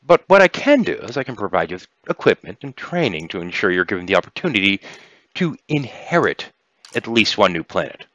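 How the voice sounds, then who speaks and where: A man's voice: lowish voice, sing-song, a little fast, fairly bright tone, dry recording, voice pushed up. A man doing a sly, sinister alien woman. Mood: scheming. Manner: grinning, with a sinister edge. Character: sly scheming woman alien power broker.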